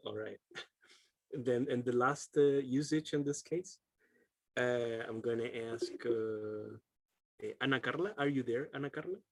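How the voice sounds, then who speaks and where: Man, Chilean accent, relaxed teacher, husky voice, dry close sound, video call. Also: mid-range voice, slow, long pauses, no room sound. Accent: Chilean Spanish. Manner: casual, chatty, laughs often, fills with um and uh. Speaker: English teacher. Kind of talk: online class.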